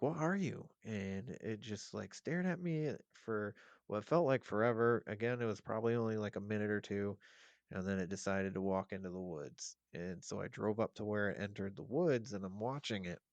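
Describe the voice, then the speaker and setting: Male podcast guest, low pitch, loose profane storyteller, dry recording. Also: no echo, muffled recording. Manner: animated, profane, rambling with fillers. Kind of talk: casual storytelling.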